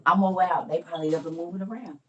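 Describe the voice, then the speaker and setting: Tired low-voiced grandmother vlogging. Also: fast, distant mic, muffled recording, noisy background. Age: older. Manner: chatty storytelling, Southern Black vernacular, calls viewers y'all and honey. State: tired and weak. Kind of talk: casual morning vlog chat.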